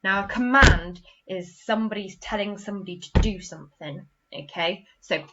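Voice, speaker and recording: On lo-fi audio with background noise, a woman speaking at medium pitch and normal speed runs a primary school literacy lesson. Patiently, she follows every point with "okay?" and performs example sentences with expression.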